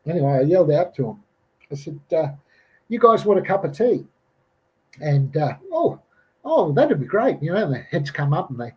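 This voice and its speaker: With a husky voice on the high side, this middle-aged Australian podcast guest recounts an encounter while bush camping, rambling casually with lots of fillers and restarts. He raises his voice when quoting others, and the audio has its highs cut off.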